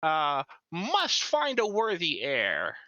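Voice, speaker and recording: A man's voice: fairly high pitch, wildly swooping pitch, slow pace, sharp tone, dry recording, dull audio, heavily acted. A man voicing an ancient exiled male minotaur king who speaks in a grand, formal manner and coughs between his words. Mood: solemn.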